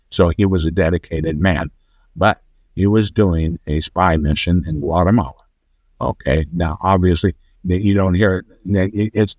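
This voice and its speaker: A man guest on a podcast, telling a rambling story and getting animated when he quotes others. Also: sits low, no echo. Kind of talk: conversational storytelling.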